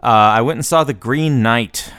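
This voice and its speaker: A man co-hosting a podcast, chatting casually about movies and telling the story with emphatic, animated delivery. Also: medium pitch, normal speed, clear, resonant tone, no room sound. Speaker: podcast co-host. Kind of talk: casual movie review chat.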